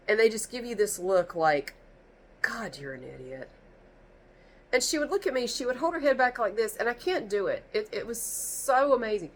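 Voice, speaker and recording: A woman's voice: medium pitch, a little hiss or hum, poor audio. A woman telling a storytime rant to camera, exasperated and rambling, with a stuffy nose from sneezing. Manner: exasperated, animated, rambling with restarts. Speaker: vlogger.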